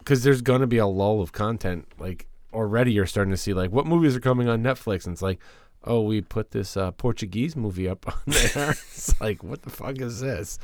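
A man's voice: lowish voice, lively intonation, fairly quick, dry recording. A man co-hosting a podcast in laid-back, profane casual chat. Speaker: podcast co-host.

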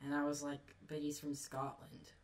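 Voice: medium pitch, completely flat delivery. Casual joking player; distant, echoey, slightly noisy take. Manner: joking, quick to laugh. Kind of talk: casual tabletop game chat.

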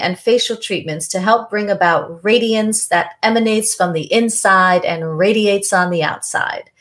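A woman hosts a podcast in a polished, measured voice. She opens with a scripted introduction and then interviews her guest. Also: medium pitch. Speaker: podcast host.

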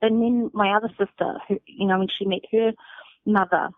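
A woman's voice: mid-range voice, fairly even intonation, normal speed. A middle-aged woman with a New Zealand accent, candidly telling her personal story as a guest and swearing freely. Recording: dry phone-like sound.

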